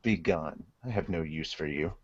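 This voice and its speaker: A man voicing a cold, menacing ancient male dragon, low and quiet with contempt, in an amateur manga read-along. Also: moderate pace. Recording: dull lo-fi podcast audio.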